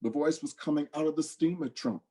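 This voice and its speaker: A man reading folk tales aloud in a dramatic, expressive storytelling manner. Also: a little high, fairly quick, slightly rough.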